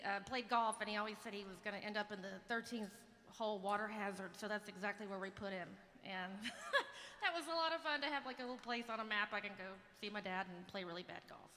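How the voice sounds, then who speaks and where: A woman, casually emceeing a memorial concert in a friendly, relaxed way. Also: medium pitch, a little hiss or hum. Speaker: event host. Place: church hall used as a concert venue. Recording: live in a reverberant hall with crowd.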